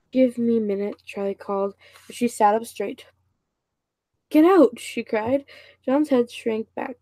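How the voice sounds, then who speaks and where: A woman's voice: medium pitch, vocal fry, dark tone, no room sound, rough recording. A woman casually reading a novel aloud, stumbling and restarting over words now and then. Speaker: reader and channel host.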